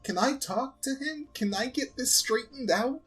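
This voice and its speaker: Man putting on a high pleading young boy. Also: expressive, unhurried, a bit bright, breathy edge, soft background music, exaggerated voice. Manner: high, breathless, stammering questions.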